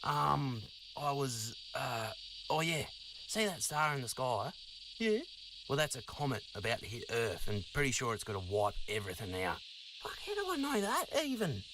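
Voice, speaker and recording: A man voicing a slow, bewildered male dinosaur who stammers and trails off, over gameplay. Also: medium pitch, big pitch swings, background noise. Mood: dreamy. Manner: halting, stammering and confused.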